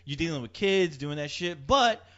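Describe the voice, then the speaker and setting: A man with a bright, somewhat high voice tells a story in casual, profane chat and laughs often as he acts out the people in it. The recording sounds dull and lo-fi. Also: expressive, normal speed.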